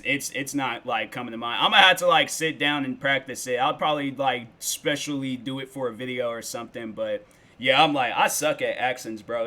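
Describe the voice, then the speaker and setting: Here a twenty-something man speaks with a bright, forceful tone at medium pitch. He's a streamer in casual conversation with viewers, loose and rambling, his speech full of fillers.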